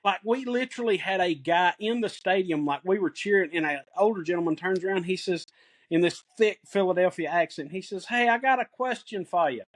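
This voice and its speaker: A middle-aged man with a Tennessee accent, co-hosting a sports podcast and telling excited, folksy stories in casual chat. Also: high voice, brisk. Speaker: podcast co-host.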